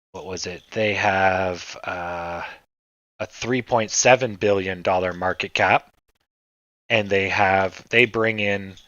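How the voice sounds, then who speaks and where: A man's voice: low-pitched, fairly bright tone, dry recording, muffled recording. A man hosting a stock trading livestream, chatting casually and rambling with lots of fillers, and he swears now and then.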